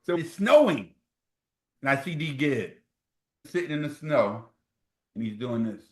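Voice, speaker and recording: This interview guest, a middle-aged New Jersey native who played college football, speaks unhurriedly at a medium pitch. He tells stories with animation, acting out quoted dialogue, and the recording carries a roomy echo.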